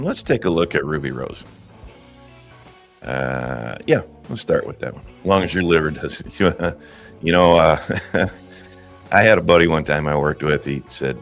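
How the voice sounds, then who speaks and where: A very deep, gravel-low male voice talks through casual commentary. He is blunt and profane and often breaks into short laughs. Faint guitar music plays under him. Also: unhurried, pauses often. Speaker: commentary host.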